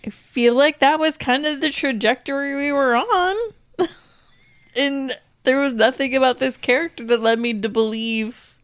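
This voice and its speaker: A woman's voice: high voice, normal speed, smooth. A woman co-hosting a podcast in casual chat, wry and opinionated, poking fun at herself. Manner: wry and opinionated, self-mocking. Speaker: podcast co-host.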